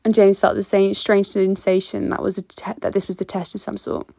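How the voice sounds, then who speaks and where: A woman reads a story aloud at a steady pace. Her voice has a gravelly fry to it. The recording is dry and close to the mic. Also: mid-range voice, a little fast, few pauses, no room sound. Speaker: reader. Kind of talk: fan fiction audiobook narration.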